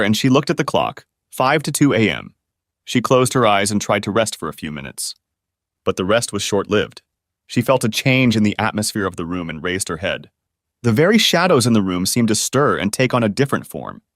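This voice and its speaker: A man reading a story as scripted narration in a steady storybook voice. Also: on the low side, dry recording, clean studio sound.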